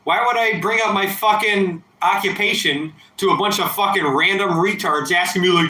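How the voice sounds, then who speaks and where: Man in his thirties, tipsy streamer, rambling and profane, bright voice, echoey room. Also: high voice, moderate pace, few pauses. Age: 30s. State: drinking, a bit tipsy. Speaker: livestreamer. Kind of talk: casual late-night livestream chat.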